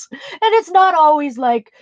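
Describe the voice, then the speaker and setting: A high-pitched woman chats casually on a livestream as she paints, wandering from topic to topic, greeting viewers and thinking aloud. She sniffles now and then, and the audio is dry and slightly muffled without any room sound.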